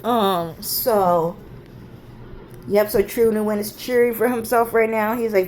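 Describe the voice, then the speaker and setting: A woman's voice: medium pitch, fairly even intonation, slow pace, a little mellow, a little hiss or hum. A woman vlogger telling a story casually, rambling and swearing, with plenty of fillers and side remarks.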